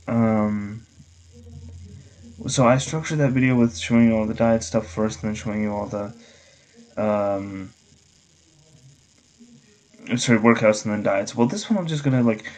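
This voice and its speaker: A man's voice: fairly low pitch, darkish tone, rough recording. A young man vlogging casually, rambling with many fillers and restarts. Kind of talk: casual vlog talk.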